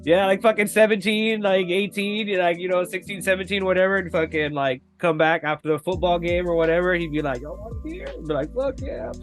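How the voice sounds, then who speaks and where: A young man hosting a casual podcast, his voice sitting a little high for a man. He tells loose, profane stories and laughs often, with faint music behind him. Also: fairly even intonation, fairly quick, hardly any pauses. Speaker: podcast host. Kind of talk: casual chat.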